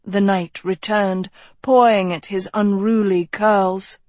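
An audiobook narrator reading a fantasy novel in a measured, unhurried storytelling manner. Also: mid-range voice, steady tone, darkish tone, no room sound.

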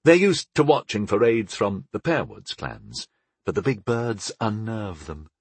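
A man's voice: fairly low pitch, very animated, slightly rough, no room sound, exaggerated voice. A man voicing a diplomatic young apprentice. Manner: measured, diplomatic. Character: diplomatic young male apprentice, smooth-talking.

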